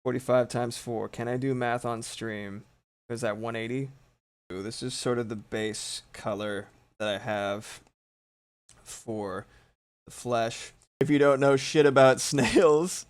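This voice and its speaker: A man's voice: mid-range voice, smooth. A man chatting casually on a live stream while he draws, rambling, swearing freely and mocking himself, yawning now and then. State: sleepy, yawning. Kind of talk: casual chat while drawing.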